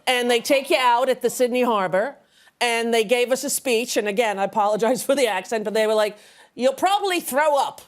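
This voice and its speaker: A woman from the United States, guesting on a talk show and telling animated, quick comic stories with frequent laughter. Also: fairly high pitch. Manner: animated storytelling, laughing often, fast asides. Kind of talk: casual comedic chat. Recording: live studio audience and noise.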